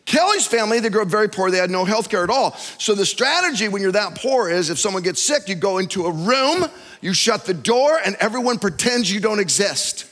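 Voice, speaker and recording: A man preaching a sermon with personal stories, telling them in an animated way and acting out the voices of the people in them. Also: high voice, fairly quick. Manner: animated storytelling, acts out quoted voices. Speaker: pastor. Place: church auditorium. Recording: long hall reverb.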